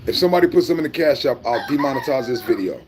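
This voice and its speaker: A man vlogging in rowdy, joking banter, loud and teasing, often repeating his lines. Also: medium pitch, expressive, rapid-fire, noisy background. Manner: loud teasing, repeats phrases, sing-song.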